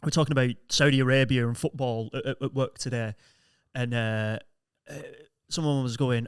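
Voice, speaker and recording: A man's voice: medium pitch, steady tone, moderate pace, hardly any pauses, smooth, dry recording, clean studio sound. A man teasing and joking in casual podcast chat.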